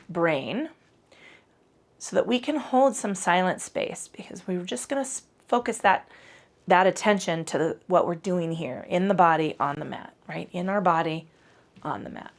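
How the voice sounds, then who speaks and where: Woman yoga instructor, gravelly low fry, swearing freely, loose and chatty delivery. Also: measured pace. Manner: irreverent and profane, chatty with self-corrections. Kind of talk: casual spoken yoga class. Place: home yoga space on a mat.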